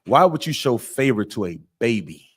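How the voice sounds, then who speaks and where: A man's voice: mid-range voice, very animated, normal speed, husky. Emphatic man teaching a Bible class. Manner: quizzes listeners, repeats questions, emphatic. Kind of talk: call-and-response Bible teaching.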